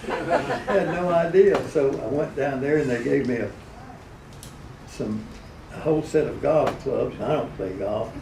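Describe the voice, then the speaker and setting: A gravelly-voiced man spins folksy, chuckling stories, dropping into quick character voices along the way. He's heard from a distance in an echoey hall, with room noise humming behind him. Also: mid-range voice. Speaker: radio personality telling stories. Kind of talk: anecdotal storytelling at a live event. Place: event hall. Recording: echoey room, recorded from far off.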